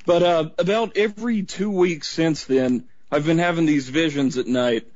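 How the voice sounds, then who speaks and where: A man's voice: a little high, moderate pace, a little mellow, dry recording. A man calling a radio show, telling his story in a casual, rambling way. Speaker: caller. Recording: dry, dull lo-fi line.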